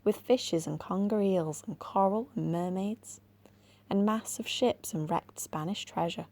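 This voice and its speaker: A woman's voice: medium pitch, measured pace, darkish tone. A woman doing a dreamy, timid little girl. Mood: wistful.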